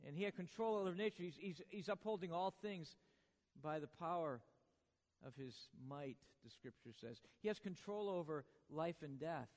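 A man preaching a sermon in a church, swinging from hushed lines to booming ones with joking asides. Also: lively intonation, moderate pace, in a large hall. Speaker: pastor.

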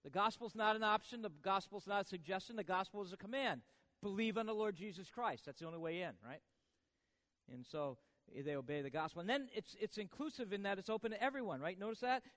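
A male pastor preaching a sermon, swinging from hushed to loud and tossing rhetorical questions at the congregation. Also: high voice, lively intonation, quick pace, big-room sound.

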